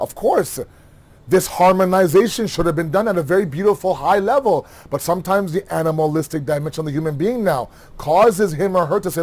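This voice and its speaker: Animated male religious lecturer. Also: sits high, a little fast. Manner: animated, rhetorical questions, acts out quoted dialogue. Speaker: Muharram lecturer.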